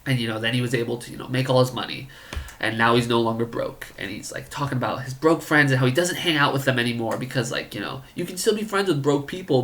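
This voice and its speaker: A man's voice: mid-range voice, a bit bright. Male storyteller: casual, rambling, incredulous comic delivery. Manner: rambling, incredulous, lots of filler "like". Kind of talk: comedic storytelling.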